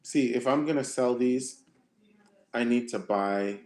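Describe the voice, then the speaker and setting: A man coaching singers on a livestream, answering chat questions in a relaxed, conversational way that often repeats itself. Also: mid-range voice, measured pace. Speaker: vocal coach.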